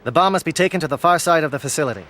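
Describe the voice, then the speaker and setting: An actor playing a stern, disciplined alien military captain in a video game, speaking in formal, clipped military phrases. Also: male voice, a little high, racing, bright, forceful tone. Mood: resolute. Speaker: commander briefing troops.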